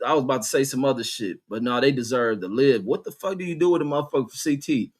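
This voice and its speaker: A man's voice: on the high side, a bit bright. A middle-aged man hosting a casual stream, reading viewer comments aloud and riffing on them with profanity and laughter. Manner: profane, laughing, reads chat aloud and riffs. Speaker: livestream host reading chat. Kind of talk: casual uncensored chat.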